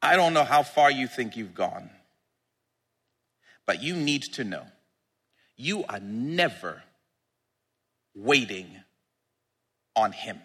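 Excitable preacher with a bright voice. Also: male voice, mid-range voice, husky, long reverb tail. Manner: excitable, laughing, drawn-out emphasis. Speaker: pastor. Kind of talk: sermon.

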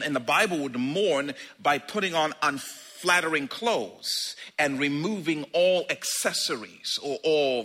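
A man preaching a sermon in a conversational, animated way, acting out little asides. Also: on the high side, breathy edge.

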